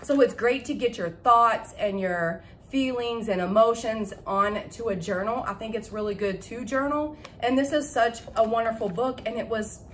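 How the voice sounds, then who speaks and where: A young woman chatting casually to camera about her shopping haul, excitable and laughing at her own slips. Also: on the high side, normal speed, few pauses, slight background noise. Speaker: vlogger showing a shopping haul. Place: at home.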